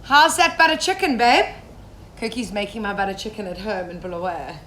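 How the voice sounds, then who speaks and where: A young safari cook from Zimbabwe chats casually through a live cooking demonstration, greeting viewers by name from her home kitchen. She talks a little fast in a mid-range, slightly bright voice, and the space echoes with faint ambient sound.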